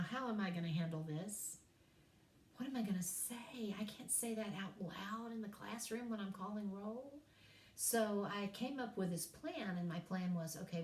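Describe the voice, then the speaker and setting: Recorded lecturing in an echoey room, this East Tennessee woman teaches college English and tells folksy stories from her classroom, poking fun at herself. She has a fairly low-pitched, darkish voice.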